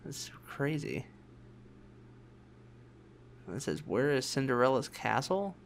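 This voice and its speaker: A man's voice: mid-range voice, sing-song, normal speed, vocal fry, slight background noise. A man co-hosting a casual podcast, chatting and telling childhood stories with acted-out quotes. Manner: chatty storyteller, acts out quoted voices. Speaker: podcast co-host. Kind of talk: casual chat.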